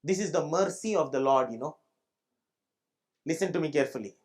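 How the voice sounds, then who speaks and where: A man's voice: fairly high pitch, lively intonation, a little fast, darkish tone. A male pastor with an Indian English accent preaching a sermon in church. He speaks emphatically, repeats his points, and keeps checking that the congregation understands.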